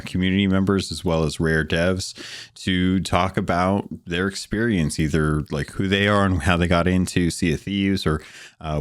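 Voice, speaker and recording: A man guesting on a podcast, talking in a relaxed, rambling way with plenty of fillers, in a deep morning voice. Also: dry recording, clean studio sound. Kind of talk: casual podcast chat.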